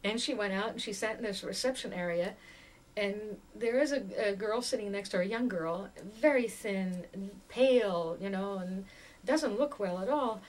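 A woman in her sixties from Tanganyika, giving an oral history interview as an animated storyteller who laughs often while she talks. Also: mid-range voice, moderate pace. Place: museum interview room. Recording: distant mic with faint background noise.

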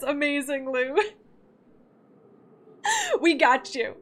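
A woman's voice: fairly high pitch, moderate pace. A young woman streaming a game, chatting in a bubbly, giggly way and greeting her chat by name. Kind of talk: casual livestream chat.

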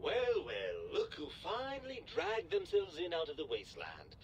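A man's voice: high-pitched, wildly swooping pitch, moderate pace, creaky, faint music behind, full character voice, low-quality recording. A man voicing a pompous, sarcastic disembodied brain in a jar that talks down to its owner in a video game. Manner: sarcastic, fussy and condescending.

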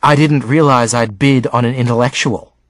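A man's voice: medium pitch, steady tone, normal speed, no room sound, studio quality, natural voice. A man voicing a mocking teenage girl in an audiobook, teasing and sarcastic. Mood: snide.

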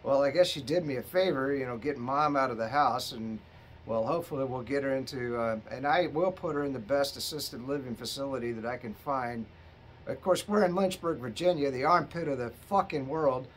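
A man's voice: mid-range voice, a little fast, a little hiss or hum. A middle-aged man, a bit tipsy from drinking, telling a rambling, profane story to his viewers. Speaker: vlogger. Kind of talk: rambling casual monologue.

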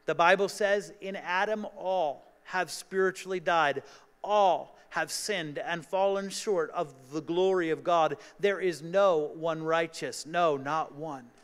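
A man's voice: on the high side, takes it slowly, clear, resonant tone. A male pastor preaching a sermon emphatically, raising his voice for quoted lines. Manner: emphatic preaching, voice rises on quotations. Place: church sanctuary. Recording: church sanctuary with long reverb.

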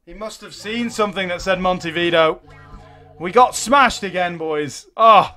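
A young man giving excitable live gameplay commentary as a gaming YouTuber, swearing and exclaiming when things go wrong. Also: high voice, measured pace, soft background music.

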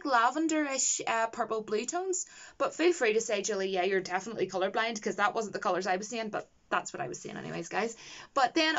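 A woman's voice: on the high side, fairly bright tone, muffled recording. A young woman, reviewing a TV episode in a casual, enthusiastic and rambling way. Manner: enthusiastic, rambling, gushing with praise.

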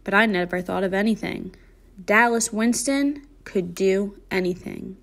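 A woman teacher reads a novel aloud for her class in an expressive storybook manner. Her voice sits at an ordinary middle pitch. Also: a little slow. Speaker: middle school English teacher.

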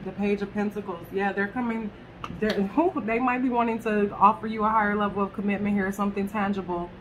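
Speaking briskly at a medium pitch with a steady tone, a tarot reader addresses her viewers directly on camera. She chats through the cards and swears casually, over a faint hiss or hum.

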